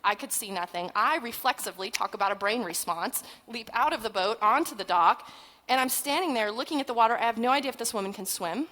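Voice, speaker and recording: A woman in her forties, a parenting trainer giving a humorous conference talk, chatty and animated, with asides and self-deprecating jokes. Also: fairly high pitch, quick pace, rough recording. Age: 40s.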